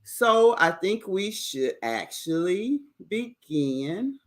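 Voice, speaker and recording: A woman hosting a casual livestream recap of a reality show, chatty and animated as she retells scenes. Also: mid-range voice, drawn-out words. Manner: chatty, animated retelling with playful quoted voices. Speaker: host.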